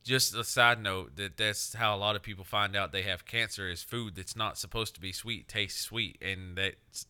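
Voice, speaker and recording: A man's voice: on the low side, normal speed, hardly any pauses, pushed and bright, smooth. A man co-hosting a podcast in casual chat, making blunt remarks and swearing casually. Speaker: podcast co-host.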